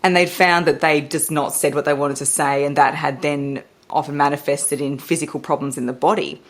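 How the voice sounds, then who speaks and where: A woman's voice: low-pitched, a little fast. A woman, a voice and public speaking coach, talking animatedly as a guest in a podcast interview. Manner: animated, expressive, laughs often.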